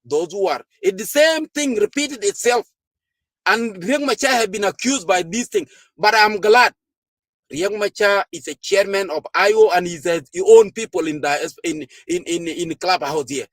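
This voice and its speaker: High-voiced man, fervent speech. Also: normal speed, fairly bright tone, no echo. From South Sudan. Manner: fervent, rhetorical questions, frequent hesitations. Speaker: political party official. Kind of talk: impassioned political speech to a gathering.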